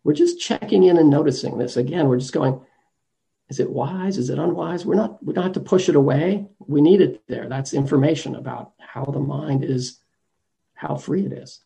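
A middle-aged man giving a gentle, reflective dharma talk over a video call, pausing and restarting as he thinks. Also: a little high, lively intonation, vocal fry. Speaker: dharma teacher.

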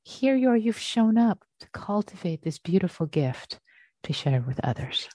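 A woman leading an online meditation group as its teacher, speaking gently and slowly in a reassuring way over a video call. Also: medium pitch, big pitch swings, no room sound.

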